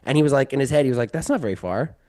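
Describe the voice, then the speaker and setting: Man, podcast guest, casual storytelling, rambling, lots of "like", mid-range pitch. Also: expressive, racing, warm tone. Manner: rambling, heavy use of "like", many restarts.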